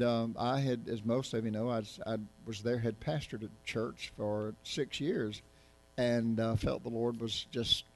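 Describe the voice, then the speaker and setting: A middle-aged pastor with a medium-pitched, slightly mellow voice gives a casual sermon to his congregation in a church sanctuary. His delivery is folksy, joking, and rambling, with many restarts.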